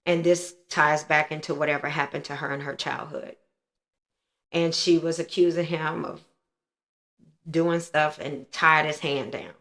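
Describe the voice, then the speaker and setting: A woman's voice: deep voice, steady tone, measured pace, fairly bright tone. A woman in her thirties frankly and earnestly telling a painful personal story as the host of her own show.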